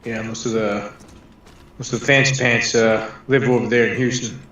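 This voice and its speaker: A man's voice: mid-range voice, steady tone, moderate pace, a bit bright. A man calling into a talk show, chatting casually with many restarts and repeated words. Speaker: caller. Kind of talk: casual call-in chat. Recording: very echoey, distant from mic, faint noise.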